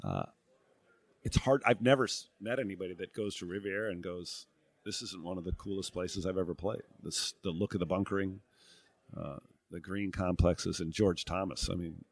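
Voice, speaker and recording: A man's voice: deep voice, steady tone, normal speed, creaky. A middle-aged man from New England, a guest in a casual interview, talking reflectively and thinking aloud with many fillers and restarts. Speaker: guest, former tour golfer and broadcast analyst.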